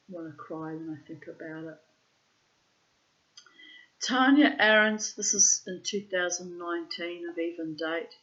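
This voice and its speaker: A woman's voice: lowish voice, a bit bright, muffled recording. A woman reading her old diary posts aloud and commenting on them bluntly, with frequent swearing.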